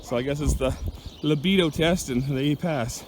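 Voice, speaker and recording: A man's voice: on the high side, normal speed. A man, a rancher chatting casually while doing chores, a little out of breath. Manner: chatty, rambling, talks to his dog. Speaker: cattle rancher. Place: outdoors on a snowy ranch. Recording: outdoor noise with animals. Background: cattle, birds and outdoor noise.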